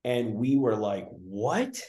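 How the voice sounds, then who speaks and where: Guy rambling along, lots of you-knows, low mellow voice, kinda echoey room. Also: moderate pace. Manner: rambling, with many restarts and "you know" fillers. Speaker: spiritual medium guest. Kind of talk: casual conversation. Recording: roomy echo.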